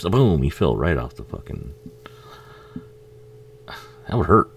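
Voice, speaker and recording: Slow and sing-song, this man's gravelly voice sits at an extremely low pitch, broken by long pauses over slight background noise. Hosting a film commentary, he chats casually over the movie, cursing heavily, laughing a lot, and cracking jokes at the screen.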